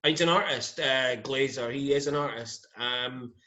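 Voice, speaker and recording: A man with a Glasgow accent, a podcast guest, talking in a relaxed, rambling way with dry asides. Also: mid-range voice, a little slow, lo-fi sound. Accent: Scottish (Glasgow). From Scotland. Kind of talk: casual chat.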